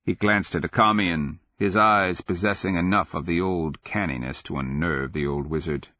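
A man with a very deep voice reads a fantasy novel in a measured, grave and steady way. The booth is completely dry, and the sound is a touch muffled. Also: no echo. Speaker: audiobook narrator. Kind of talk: scripted narration.

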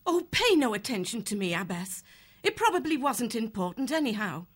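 A man's voice: very high voice, sing-song, moderate pace, fairly bright tone, slightly rough, voice pushed up, heavily acted. A man voicing a fussy, scolding harvest mouse mother in a storybook reading. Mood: flustered.

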